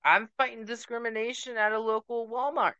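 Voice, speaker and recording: A woman's voice: on the high side, fairly even intonation, fairly quick, pushed and bright, clean tone, no echo, muffled recording. A woman from Puerto Rico ranting emphatically to camera as a vlogger, dropping Spanish words into her talk. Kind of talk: emotional rant to camera.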